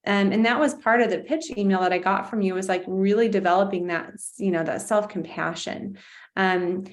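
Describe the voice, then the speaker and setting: A woman hosting an interview, speaking in a gentle, thoughtful way with halting restarts. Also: mid-range voice. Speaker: podcast host. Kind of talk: casual interview chat.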